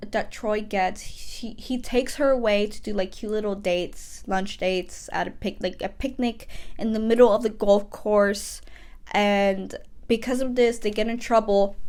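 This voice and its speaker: A young woman vlogger recapping a movie in a chatty, casual way, often slipping into quick quoted asides. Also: a little high, darkish tone.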